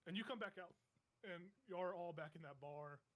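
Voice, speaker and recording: A man's voice: high voice, normal speed, a bit bright, slight background noise. A man narrating a tabletop game as game master, describing scenes vividly in a meandering way full of fillers.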